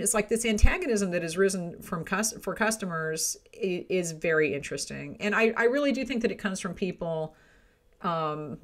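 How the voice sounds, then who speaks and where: A middle-aged woman hosting a home business podcast, giving frank, chatty advice with frequent "right?" and "okay?" asides. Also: medium pitch. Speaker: podcast host. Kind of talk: casual advice talk.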